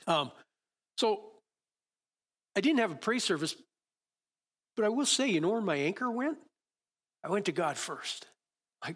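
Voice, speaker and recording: A man's voice: high-pitched, animated. A man preaching a sermon in a conversational, storytelling way, asking the listeners rhetorical questions. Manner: reads scripture slowly and softly.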